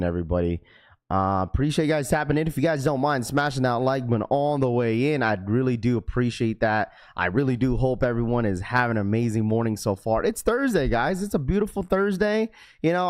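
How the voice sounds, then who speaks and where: A young man hosting a live stream, chatting casually and greeting viewers by name in an upbeat way. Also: mid-range voice.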